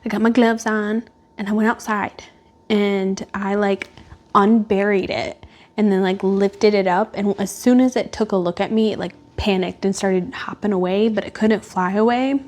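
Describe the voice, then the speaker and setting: A woman's voice: medium pitch, steady tone, moderate pace, a little mellow. A woman vlogging at home indoors, chatting in a rambling, casual way with lots of fillers. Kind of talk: casual chat. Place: at home indoors by a glass door.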